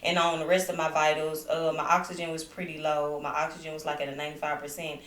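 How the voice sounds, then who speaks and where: A young adult woman with a low voice talks fast, recorded from a distance in an echoey room with her voice off-mic. She's vlogging indoors at home, animatedly chatting to camera about being sick while still getting over a lingering cough. Her casual retelling is full of asides to viewers.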